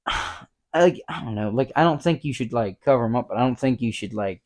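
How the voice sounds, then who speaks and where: A man's voice: medium pitch, lively intonation, moderate pace. A man in his twenties co-hosting a casual podcast chat, rambling and swearing often with lots of "like". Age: 20s. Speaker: podcast co-host.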